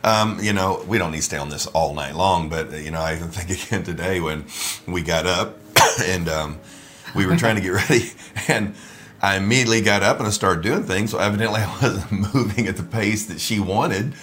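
A man co-hosting a relaxed talk on relationships, who laughs often and gets animated when he retells a quarrel. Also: low voice, brisk. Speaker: ministry co-host. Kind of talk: casual conversation about marriage.

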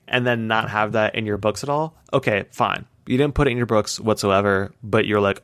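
A man's voice: fairly low pitch, a little fast, hardly any pauses, a bit bright, clear, resonant tone, no echo, clean studio sound. A man co-hosting a podcast in casual chat, ranting heatedly with lots of swearing and "like" fillers. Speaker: podcast co-host.

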